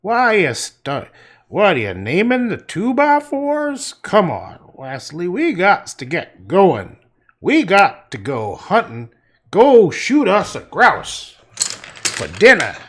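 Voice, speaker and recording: A man voicing a rough, impatient sawmill worker with a hard-drinking manner, yelling in a drawn-out, mocking way. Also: high voice, wildly swooping pitch, pitched above the performer's own voice, full character voice.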